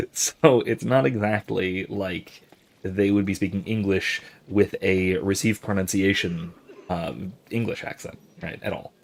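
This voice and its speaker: A man's voice: sits low, steady tone, slow, vocal fry. A man hosting a gaming channel, giving casual, professorial explanations while he plays, rambling with many fillers and restarts and reacting to viewer chat.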